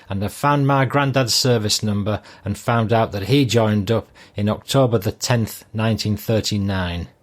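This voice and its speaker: An older man hosting a podcast, reading listener messages aloud in a relaxed, conversational way. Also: fairly low pitch. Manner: relaxed, conversational, with frequent ums. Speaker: podcast host.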